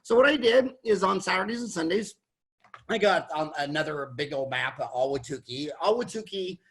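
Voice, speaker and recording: A man in his sixties who hosts a podcast, telling stories in a casual chat, animated, stumbling into restarts and acting out the people he quotes. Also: high-pitched, husky. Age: 60s. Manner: animated storyteller, quick restarts, acts out quotes. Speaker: podcast host, dentist.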